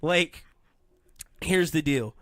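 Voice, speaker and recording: A man hosting a podcast, telling stories in an animated, rambling way in a casual comedic chat. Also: a little high, extremely slow, dry recording. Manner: animated, rambling storytelling with voices. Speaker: podcast host.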